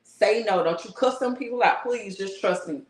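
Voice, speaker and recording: A woman voicing a loving divine spirit that softly coaxes and pleads with its child, calling them baby. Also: medium pitch, moderate pace, pitched below the performer's own voice, natural voice. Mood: pleading. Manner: soft, coaxing, calls the listener baby. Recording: roomy echo.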